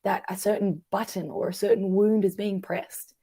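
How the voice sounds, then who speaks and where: A woman, a coach talking through emotional patterns in a conversational interview, animated and acting out the voices she quotes. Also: medium pitch, normal speed, husky, no room sound. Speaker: guest coach.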